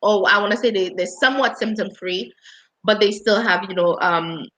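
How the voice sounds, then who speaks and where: A woman's voice: medium pitch, normal speed, fairly bright tone, poor audio. A woman who works in healthcare, talking casually on a panel, slightly congested, with frequent restarts. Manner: conversational, with frequent restarts and fillers.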